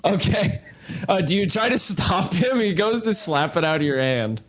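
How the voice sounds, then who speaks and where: A man's voice: high-pitched, animated, normal speed. A young man narrating as game master in a casual tabletop game, with many fillers.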